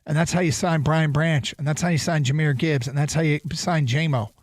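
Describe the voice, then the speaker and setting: A man hosting sports talk radio, reading listener texts and doing live ad reads in an animated way. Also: a little high, moderate pace, dry recording. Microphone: studio microphone.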